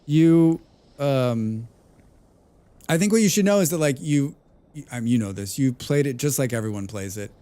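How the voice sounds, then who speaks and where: A man's voice: medium pitch, lively intonation, normal speed, long pauses, warm tone. A man streaming a game, thinking aloud and chatting casually with viewers, swearing freely. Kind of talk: casual gameplay livestream chat.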